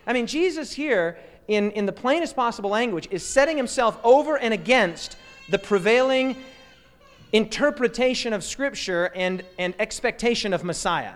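A male pastor preaches in a high, very lively voice. He keeps asking the congregation questions. His voice echoes with a long reverb through a church hall. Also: moderate pace. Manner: animated, asks the congregation questions. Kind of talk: sermon.

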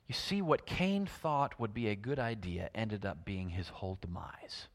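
A man preaching a sermon, telling stories and swinging between loud emphasis and hushed lines. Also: on the low side, a little slow, hardly any pauses, long reverb tail.

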